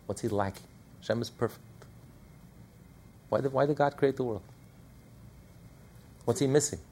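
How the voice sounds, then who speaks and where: A man's voice: medium pitch, moderate pace, a little hiss or hum. A man teaching a Torah class to a live audience, asking questions and answering them himself with rising emphasis. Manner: animated, asks and answers his own questions.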